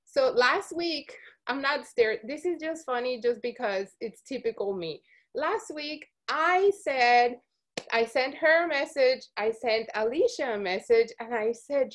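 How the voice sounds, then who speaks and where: A woman with a high voice hosts a team call over video. She talks in a bubbly, chatty way, laughing often and wandering into little stories. Her voice comes through a video call connection. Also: lively intonation, a little slow. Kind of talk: casual video call chat.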